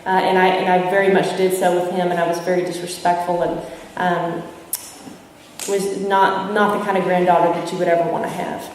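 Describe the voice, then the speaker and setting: A woman's voice: lowish voice, flat delivery, brisk, slight background noise. A young woman speaking at a recovery convention, candid and self-mocking, acting out the people she quotes, with audience laughter around her. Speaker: AA speaker sharing her story. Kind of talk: recovery testimony to a live audience. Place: large convention hall with an audience. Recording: echoey hall from far off.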